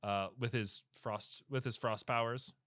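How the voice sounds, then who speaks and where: A young man casually recapping a movie plot for a podcast, animated, swearing and slipping into quick character voices. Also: medium pitch, no echo, clean studio sound. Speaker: podcast co-host.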